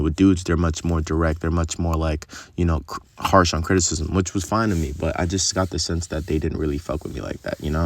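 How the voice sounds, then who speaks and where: A man's voice: low voice, no echo. A young man telling a long, rambling story in casual, profane vlog talk, full of fillers.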